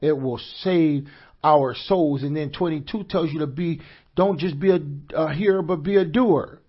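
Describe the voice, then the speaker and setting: High-voiced preacher in call-and-response. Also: male voice, moderate pace, husky, highs cut off. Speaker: pastor. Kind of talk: sermon.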